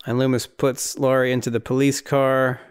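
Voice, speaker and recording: Man, podcast host, casual movie recap, rambling, incredulous, smooth clear voice, mid pitch. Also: flat delivery, normal speed. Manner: rambling, incredulous, laughing at the film.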